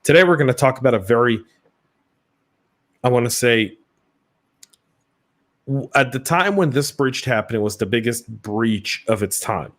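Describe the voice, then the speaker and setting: A man's voice: mid-range voice, animated, moderate pace, long pauses. A man with a Southern US accent co-hosting a live podcast, chatty and casual, often stammering on restarts. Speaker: podcast co-host.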